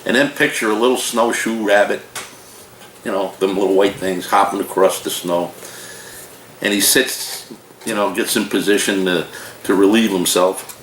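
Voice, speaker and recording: Man in his sixties, low voice, folksy rambling home review, echoey kitchen sound. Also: fairly even intonation, normal speed, pauses often, fairly bright tone. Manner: folksy, digressive, joking storyteller. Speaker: food reviewer. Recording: roomy echo, faint noise.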